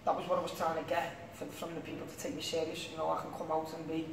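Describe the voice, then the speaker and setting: A young man with a Liverpool accent talks in a high voice, rambling and dropping "you know what I mean" all the time. He sits back from the mic in an echoey room with a faint hiss underneath. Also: completely flat delivery, quick pace, vocal fry, distant mic. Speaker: interview guest, singer. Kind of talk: casual interview chat.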